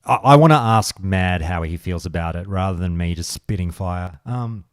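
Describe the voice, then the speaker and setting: A man's voice: deep voice, normal speed, smooth, dry recording, clean studio sound. A man, hosting a casual podcast chat, ranting and swearing as he gets heated. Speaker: podcast host.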